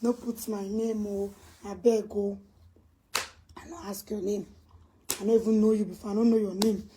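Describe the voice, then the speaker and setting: A woman vlogger with a Nigerian Pidgin accent, ranting on camera and swinging from low muttering to loud, high scolding. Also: level tone, normal speed, noisy background. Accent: Nigerian Pidgin English. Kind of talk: casual ranting vlog.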